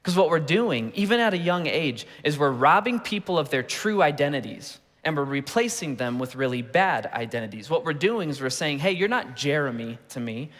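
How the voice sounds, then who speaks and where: A man in his thirties delivers a sermon as a storyteller, his fairly high voice slipping into quick character voices for the people he quotes. The sound carries a long, hanging reverb from a large church hall. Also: animated, a bit bright. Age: 30s. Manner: storytelling with playful asides, acting out quoted voices. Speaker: pastor.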